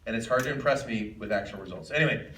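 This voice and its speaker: A man's voice: on the low side, expressive, quick pace, fairly bright tone, slight background noise. A man hosting a live event, introducing a speaker with emphatic, joking storytelling. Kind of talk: live talk to an audience. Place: event room with a live audience. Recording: echoey room, far from the mic, faint ambience.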